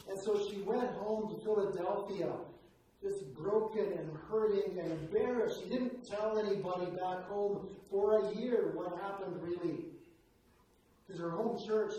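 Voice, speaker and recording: A man preaching a sermon in an earnest way, moving between hushed and emphatic delivery. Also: on the high side. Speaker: pastor. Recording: echoey room, voice from far off, faint noise.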